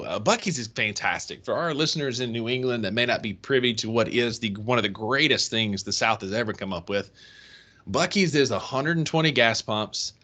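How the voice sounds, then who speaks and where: A man's voice: medium pitch, sharp tone. A young man with a Northeast Mississippi country accent, co-hosting a casual sports podcast and teasing his friend with easy laughter. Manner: laughs often, teasing banter. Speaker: podcast co-host.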